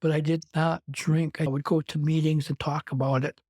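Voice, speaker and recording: Interview guest: man from Wisconsin, slightly high, steady voice, recounting his life in a loose, run-on way. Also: moderate pace, no room sound. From Wisconsin, USA. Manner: rambling, conversational, strings clauses with "and". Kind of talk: personal storytelling in an interview.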